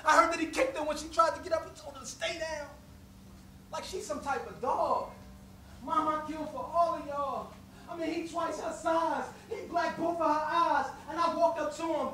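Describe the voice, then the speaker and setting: A man's voice: very high-pitched, sharp tone, a little hiss or hum. A man performing spoken-word poetry with an intense, rhythmic rhyming delivery. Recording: roomy, distant, faint ambience.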